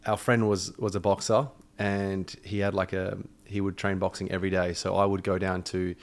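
A man's voice: low-pitched, little pitch movement, moderate pace. A man with an Australian accent, chatting casually as a podcast guest, laid-back and joking. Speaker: guest, performance coach. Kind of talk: casual chat.

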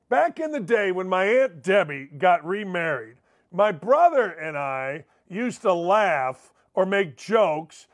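Guy hosting a talk show, kinda high voice, goofy rambling bits, gets loud then drops low. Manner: animated, jokey, swings between loud outbursts and low asides. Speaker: sports talk show host. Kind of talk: casual monologue.

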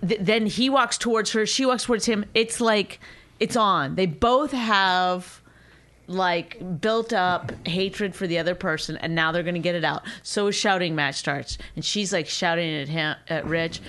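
A woman's voice: lowish voice, unhurried, a bit bright, slight background noise. A woman in a heated casual argument, exasperated and scolding, swearing freely as she talks over her partner.

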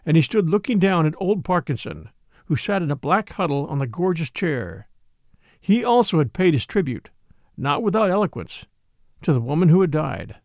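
Man narrator, fairly high voice, measured mystery storytelling. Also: no echo, studio quality.

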